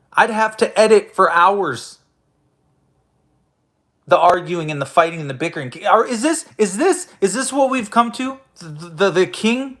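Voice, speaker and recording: A man with a noticeably high-pitched voice rants at his listeners as host of his own show. He swears constantly, talks in a confrontational tone and keeps stumbling into restarts. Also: a bit bright. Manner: profane, confrontational, stammering restarts. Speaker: host of an online audio room show. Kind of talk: angry ranting monologue.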